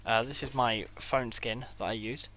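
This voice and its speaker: A man's voice: mid-range voice, fairly even intonation, moderate pace, bright, forceful tone, slight background noise. A man giving a casual, rambling tour of his game builds, with offhand delivery and dry sarcastic asides. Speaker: gaming creator.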